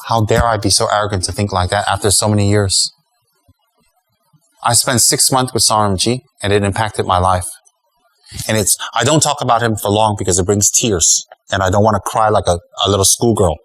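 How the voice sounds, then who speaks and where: A man's voice: fairly low pitch, fairly even intonation, brisk, a bit bright, rough recording. A middle-aged man giving a Dharma talk as a Buddhist teacher, emphatic and rhetorical, chuckling at his own jokes.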